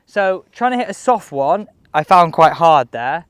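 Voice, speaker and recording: A man chatting excitedly as he reviews golf clubs outdoors on a course. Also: a little high, unhurried, clear, resonant tone, dry recording. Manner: chatty, excitable, thinking aloud. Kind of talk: casual on-course commentary.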